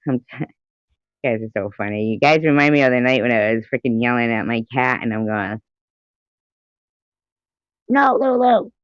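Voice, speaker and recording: A woman's voice: rumbling low, no echo. A middle-aged woman hosting a casual livestream, reading chat messages aloud, giggling often and swearing freely. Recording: dull lo-fi home stream audio.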